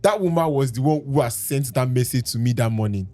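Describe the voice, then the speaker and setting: This Nigerian man has a warm, medium-pitched voice and talks a little fast, with faint music playing underneath. Hosting a podcast, he gives a story a dramatic reading, pausing for laughs and banter with his co-hosts.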